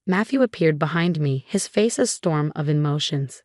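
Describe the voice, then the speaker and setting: Low-voiced woman narrating a story. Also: expressive, moderate pace, a little mellow, no echo, studio quality. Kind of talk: scripted first-person story narration.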